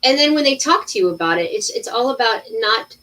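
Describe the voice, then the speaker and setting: Woman in her 30s chatting on a livestream, lively storyteller, sounds a bit far from the mic. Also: a little high, brisk. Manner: animated storytelling with acted-out quotes and many restarts. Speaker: intuitive healer guest. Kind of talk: casual livestream conversation.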